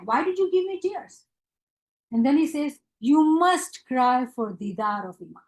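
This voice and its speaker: A woman's voice: on the high side, low-quality recording. A woman leading a devotional teaching session. She asks her listeners questions and answers them herself, slipping into Gujarati and Hindi phrases.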